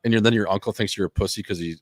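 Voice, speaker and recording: A man co-hosting a comedy podcast, trading crude, rapid-fire banter and slipping into mock hockey play-by-play. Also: on the low side, no echo. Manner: rapid, profane, riffing on characters. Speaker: podcast co-host.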